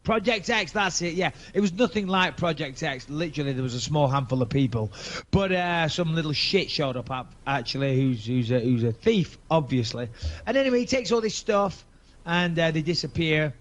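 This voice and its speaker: Animated English man telling a story. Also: a little high, moderate pace. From England. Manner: animated, profane, acts out both sides of phone calls. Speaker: podcast host. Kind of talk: casual storytelling.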